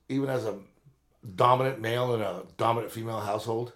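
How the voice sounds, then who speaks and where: A man's voice: medium pitch, fast talker, a bit bright. Man, fifties, podcast co-host, casual chat, rambling, profane. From Southern California.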